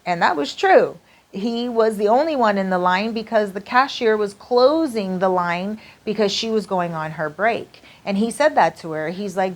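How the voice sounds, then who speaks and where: A woman's voice: medium pitch, moderate pace. A woman narrating a relationship story in a casual storytime style, chatty and full of fillers. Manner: chatty, lots of "like" and "you know".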